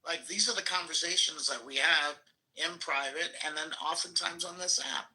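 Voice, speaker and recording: A man's voice: a little high, moderate pace, sharp tone, poor audio. A man in a heated live-chat debate, exasperated and swearing often. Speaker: American participant in a live audio chat.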